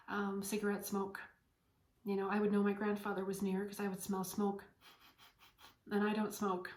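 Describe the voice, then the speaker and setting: Woman medium and podcast host, earnest and encouraging, mid-range voice, roomy echo. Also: mid-range voice. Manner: earnest, heartfelt, gently encouraging. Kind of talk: inspirational spiritual talk. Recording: echoey room.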